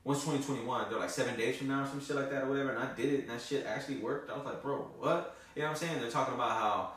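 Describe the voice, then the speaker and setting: A man's voice: medium pitch, very fast, a bit bright. A man telling a story in a loose, profane, casual vlog style. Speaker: vlogger. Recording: echoey, from far off the mic.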